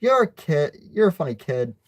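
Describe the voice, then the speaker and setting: A young man reading a homemade storybook aloud and voicing a joking, teasing uncle, a little higher than his own voice. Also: sing-song. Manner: teasing, halting read-aloud delivery.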